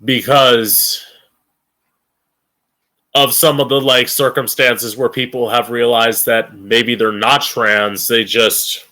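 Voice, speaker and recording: A man's voice: medium pitch, steady tone, slow pace, pushed and bright. A young man hosting a live-streamed opinion show, ranting angrily with a lot of profanity and emphasis. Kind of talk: opinionated rant.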